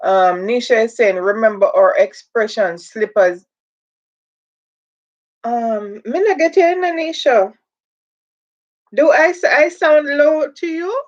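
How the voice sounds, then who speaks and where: A woman's voice: sits high, expressive, a little slow. A woman with a Jamaican accent hosting a casual livestream, reading viewer comments aloud and slipping into patois. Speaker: livestream host. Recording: dull lo-fi livestream audio.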